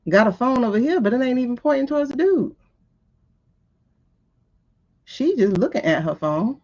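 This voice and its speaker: Quick and fairly high, this woman's voice comes through with the highs cut off. She hosts a livestream and reacts to a news clip in casual, exasperated talk, animated and laughing as she talks back to the screen.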